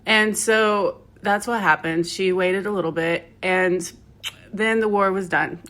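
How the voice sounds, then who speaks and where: A woman's voice: mid-range voice, fairly even intonation, measured pace, fairly bright tone. A woman telling a story in a casual, rambling way, with asides to the listener. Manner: chatty, rambling, with many fillers and asides. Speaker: yoga teacher.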